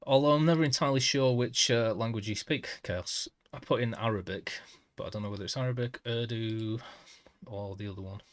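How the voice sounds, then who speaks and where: A man streaming a game, casually trying out foreign phrases haltingly and chuckling at himself. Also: mid-range voice, no room sound. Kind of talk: casual live-stream chat.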